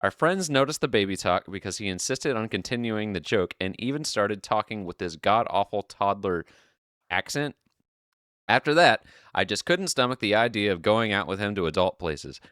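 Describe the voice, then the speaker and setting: Podcast host, man, lowish clear voice, animated reader, dry close mic. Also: normal speed, no room sound. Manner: animated storyteller, swears casually. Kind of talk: casual chat, reading a post aloud.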